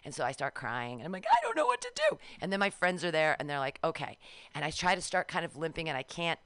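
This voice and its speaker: A woman in her forties co-hosting a radio show, telling a story casually and acting out quotes in a high voice. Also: fast, fairly bright tone, clean tone, no echo. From Southern California. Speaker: radio co-host. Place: radio studio.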